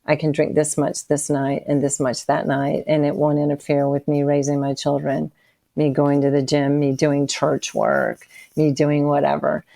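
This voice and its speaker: Podcast guest: a woman in her sixties with a low, gravelly voice, halting and emotional as she tells her testimony. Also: completely flat delivery, warm tone, no echo. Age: 60s. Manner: halting and emotional, with frequent restarts. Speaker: interview guest. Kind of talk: personal testimony in a podcast interview.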